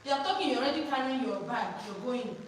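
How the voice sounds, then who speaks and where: A woman's voice: fairly high pitch, fast. A woman running a teacher training workshop, drilling the room call-and-response style and prompting listeners to finish her sentences. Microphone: far from the microphone. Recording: echoey hall, distant mic, noisy.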